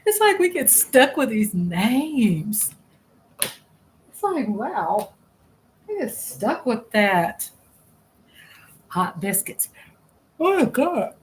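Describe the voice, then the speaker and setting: A woman hosts a casual live stream, chatting while she works, rambling, laughing often and trailing off mid-sentence. Her voice is fairly high-pitched and sing-song, and she speaks at a slow pace. The recording is low quality.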